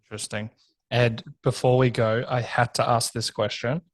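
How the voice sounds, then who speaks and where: A man's voice: medium pitch, level tone, normal speed. A man hosting a podcast, reacting eagerly and steering the interview. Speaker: podcast host.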